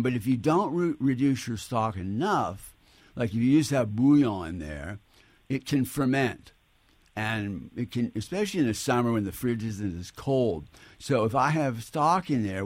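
A man, a chef and cookbook author, chatting as a guest on a radio call-in show, relaxed and modest, thinking aloud. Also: medium pitch, normal speed, no echo.

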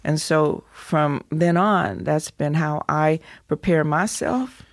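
An older woman in her seventies recounts stories with animated energy, often stopping and restarting mid-thought. Her voice has a gravelly, creaky texture. The sound is dry and close, with no room echo. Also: sits low. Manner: animated storyteller, halting restarts. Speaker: actress guest. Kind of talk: interview storytelling.

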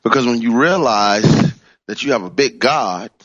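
A man teaching in a sermon style, stressing key words by swooping up in pitch and repeating phrases. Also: animated, measured pace, a bit bright, no room sound, highs cut off. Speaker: minister teaching from a book.

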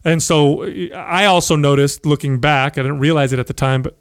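A man hosting an interview, asking questions in a relaxed, conversational way and sharing his own experience. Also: a little high, fairly quick, smooth, no echo, studio quality. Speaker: interviewer host.

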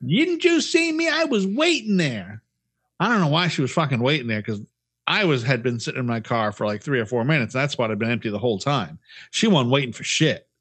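A man's voice: mid-range voice, lively intonation, quick pace, a bit bright, husky. A man co-hosting a podcast, telling stories in casual chat, swearing often and restarting his sentences. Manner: profane, rambling storyteller with restarts. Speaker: podcast co-host.

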